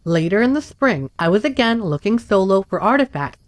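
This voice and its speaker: A woman reading first-person accounts aloud in a steady, even scripted narration. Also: medium pitch, fairly quick, dry recording. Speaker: story narrator.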